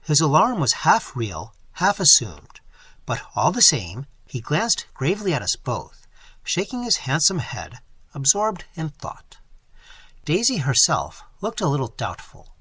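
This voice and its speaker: Expressive, husky male audiobook narrator. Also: a little high, a little slow, no room sound. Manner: expressive, wide-ranging storytelling. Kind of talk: first-person audiobook narration.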